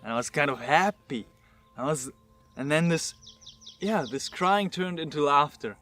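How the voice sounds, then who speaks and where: A man telling a personal story to camera, halting and earnest, repeating words as he searches for them. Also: a little high, a bit bright, a little hiss or hum. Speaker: vlogger.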